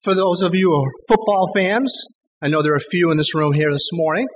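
A man preaching a sermon, earnest and emphatic, slowing down to stress scripture quotes. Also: high voice, steady tone, in a large hall, muffled recording, slight background noise. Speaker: pastor. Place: church sanctuary.

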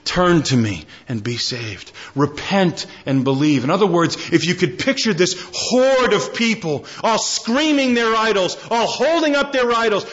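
Male pastor, high voice, sermon delivery with big swings between loud and hushed, dull lo-fi recording. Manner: swings from loud high-pitched preaching to low quiet emphasis.

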